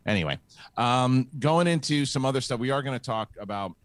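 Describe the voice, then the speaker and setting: A man's voice: mid-range voice, lively intonation, brisk, no room sound. A middle-aged man hosting a live show, telling a long personal story in a rambling way with many restarts and fillers. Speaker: host. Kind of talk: casual live show chat.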